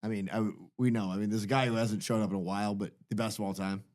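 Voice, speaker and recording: A man's voice: on the low side, little pitch movement, fast, darkish tone. A man co-hosting a podcast who chats casually with an easygoing manner. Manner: easygoing, laughing along. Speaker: podcast co-host. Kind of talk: casual chat.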